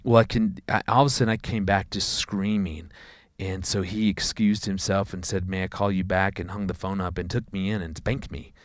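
A man, a father of four, telling a personal story in a conversation, earnest and halting, often repeating words. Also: deep voice, steady tone, dry recording, studio quality.

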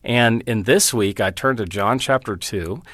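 Man, middle-aged, Bible teacher, interview guest, earnest storyteller, fairly low voice, dry recording. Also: measured pace, a bit bright, dry recording. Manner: earnest, storytelling, cites scripture references. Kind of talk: interview conversation.

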